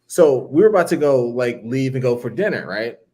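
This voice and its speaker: A man casually telling a long story on a podcast, acting out what people said with big jumps in his voice. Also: fairly quick. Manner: animated, acts out quotes with big pitch jumps.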